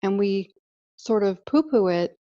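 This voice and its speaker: A woman's voice: medium pitch, lively intonation, unhurried, mellow, no room sound. A woman podcast host telling a heartfelt personal story in an earnest, reflective way over an online call. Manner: earnest, heartfelt, speaks of feelings with emotion. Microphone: online call setup. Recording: dull, muffled call audio.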